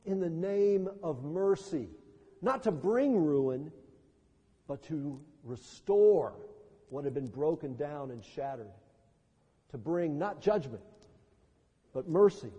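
A man's voice: fairly high pitch, dark tone, breathy edge. A man preaching a sermon as pastor, reading scripture and rising to impassioned cries. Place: church sanctuary. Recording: long church reverb.

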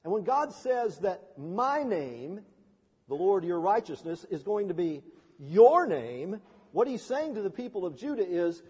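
A man preaching a sermon in a church, his voice pitched high with a husky edge. He swings between hushed and loud passages and acts out the voices of people he quotes. The sound carries a long reverb from the hall. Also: sing-song, a little slow. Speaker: pastor.

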